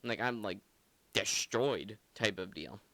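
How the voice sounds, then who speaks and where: A man's voice: on the low side, slow pace, pushed and bright, no room sound. A man co-hosting a podcast, breaking down song lyrics in casual, rambling talk full of filler words. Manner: rambling, heavy use of filler "like", earnest. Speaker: podcast co-host. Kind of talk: casual song analysis chat.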